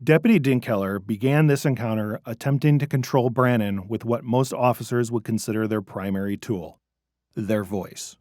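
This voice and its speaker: A man narrates a training video in a measured, instructive voice of medium pitch. The recording is close and dry, with no room sound. He lays out each point steadily. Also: darkish tone, no room sound.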